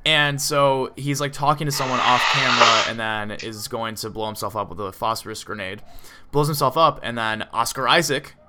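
A man's voice: mid-range voice, moderate pace, background noise. A man co-hosting a casual movie discussion podcast, rambling with lots of "like" and "um" fillers. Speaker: podcast co-host.

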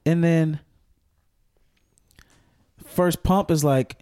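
A man's voice: fairly high pitch, animated, moderate pace, a little mellow, no echo, clean studio sound. A man in his thirties telling frank, joking stories in casual podcast chat, and asking to be allowed to finish. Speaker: podcast co-host.

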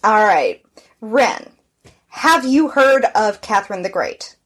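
A woman's voice: mid-range voice, very animated, slow, a bit bright, breathy edge. A woman co-hosting a podcast, chatting casually and telling a history story with frequent laughs. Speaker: podcast co-host. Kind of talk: casual chat.

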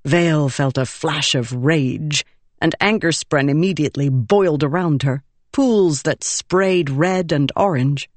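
An audiobook narrator reading a fantasy novel in a measured, expressive storytelling manner. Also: mid-range voice, dry recording.

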